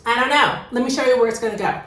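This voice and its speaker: Excitable woman vlogger, middle-aged, casual home chat, slightly high voice with roomy echo. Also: rapid-fire. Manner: bubbly, chatty, excitable. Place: home, indoors.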